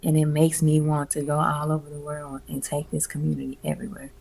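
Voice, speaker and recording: A woman talking about her music events in a casual, expressive interview, slangy and swearing freely. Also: deep voice, fairly quick, vocal fry. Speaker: music event curator, guest.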